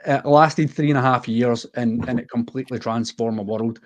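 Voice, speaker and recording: A man's voice: mid-range voice, steady tone, normal speed. A man from the west of Scotland with a Scottish accent, a podcast guest telling a personal story in an earnest, heartfelt and unguarded way.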